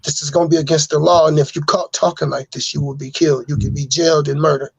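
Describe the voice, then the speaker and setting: On a podcast, a guest speaks fast in a gravelly, husky voice that sits on the high side with a steady tone. His earnest preaching monologue insistently circles back to the same phrases, and the recording has no echo.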